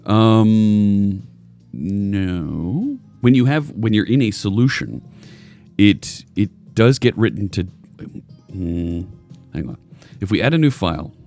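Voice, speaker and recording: An American man hosts a casual live coding stream, rambling, chatting loosely, and joking with viewers as he works. His voice is on the low side, gravelly and a little mellow, with lively intonation, a slow pace, and frequent pauses over soft background music.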